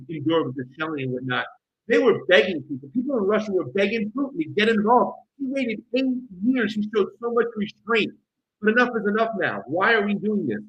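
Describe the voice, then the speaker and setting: Male co-host, heated rapid rant, high voice, muffled recording. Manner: heated, rapid, ranting delivery. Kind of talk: political commentary show.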